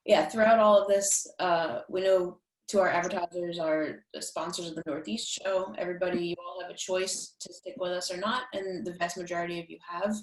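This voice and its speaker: A woman's voice: lowish voice, fairly even intonation, fairly quick, hardly any pauses. A woman hosts a podcast in easygoing casual chat. She laughs readily, and her voice carries the echo of a roomy space. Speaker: podcast host. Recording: echoey room.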